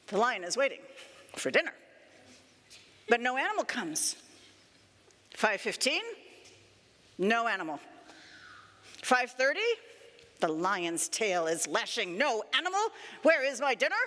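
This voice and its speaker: A woman minister telling a playful, animated story to children during a church service. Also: fairly high pitch. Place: church sanctuary. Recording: echoey church sanctuary.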